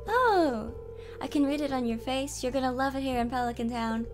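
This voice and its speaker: A woman voicing a bubbly, friendly young woman in a high, chirpy, eager voice. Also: moderate pace, soft background music, natural voice.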